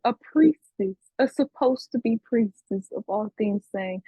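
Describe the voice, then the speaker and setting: A woman's voice: mid-range voice, a little slow, hardly any pauses, husky, no room sound, phone-quality sound. A woman teaching a class, scolding her students with profanity and repeating herself for emphasis. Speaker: spiritual teacher. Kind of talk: livestream class lecture.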